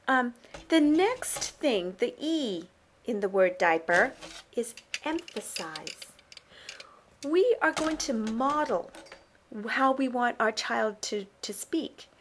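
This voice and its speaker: A woman teaching parents on camera in an upbeat, coaching way, often checking in with the listener. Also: on the high side. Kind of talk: instructional talk to camera.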